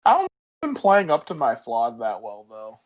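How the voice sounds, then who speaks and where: A man talks quietly and unhurriedly as a player in a home tabletop game. His voice is mid-pitched. It comes through a dull, lo-fi mic. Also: wildly swooping pitch, moderate pace. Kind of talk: casual tabletop game talk.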